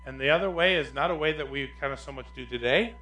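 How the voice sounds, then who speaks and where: A man preaching a sermon as pastor, animated, swinging between loud emphatic lines and quiet asides. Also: mid-range voice, quick pace, echoey room, rough recording.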